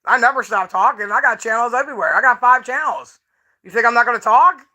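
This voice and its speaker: A woman on a livestream, chatting straight to her viewers with a high, bright voice. She is brash, profane and taunting, and laughs a lot between lines. Her talk is loose and off the cuff. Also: animated, quick pace. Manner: laughs often while talking. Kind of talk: casual livestream talk to chat.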